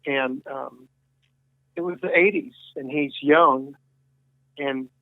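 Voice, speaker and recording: A man's voice: mid-range voice, slow pace, no echo. Chatty man on a tinny phone line. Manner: rambling, many restarts and quoted dialogue. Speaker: guest musician. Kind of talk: casual storytelling interview.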